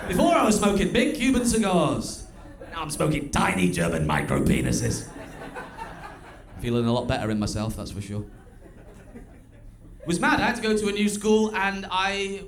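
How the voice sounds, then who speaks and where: Lively high-voiced young comedian. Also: male voice. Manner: self-mocking, crude, chatty storytelling. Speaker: stand-up comedian. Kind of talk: live stand-up set. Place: small comedy club stage. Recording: echoey club room with music.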